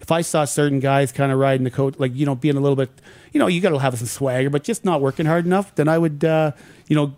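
A middle-aged man, a former pro hockey player, telling animated stories in an interview and acting out what people said. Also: fairly high pitch, fast, no echo. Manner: animated anecdotes acting out quoted dialogue. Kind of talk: casual storytelling in an interview.

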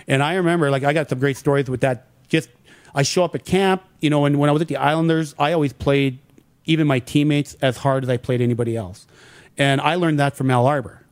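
Middle-aged man telling lively anecdotes. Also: a little high, quick pace, no echo. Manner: animated anecdotes acting out quoted dialogue. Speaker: former pro hockey player, guest. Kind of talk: casual storytelling in an interview.

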